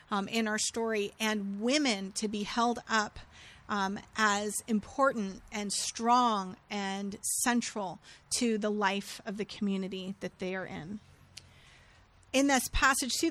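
A woman's voice: a little high, a bit bright. A woman leading a teaching recap, reading scripture aloud and reflecting on it.

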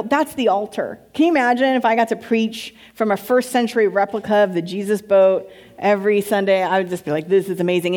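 A woman pastor giving a conversational sermon, chatty and candid, with quick asides and open enthusiasm. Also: medium pitch, a little mellow. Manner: enthusiastic when describing places.

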